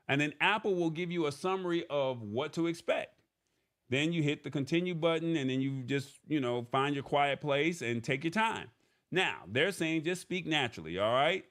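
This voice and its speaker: A man's voice: a little high, a bit bright. A man hosting a live-streamed tech news show, paraphrasing an article and explaining it step by step, often checking in with "all right?".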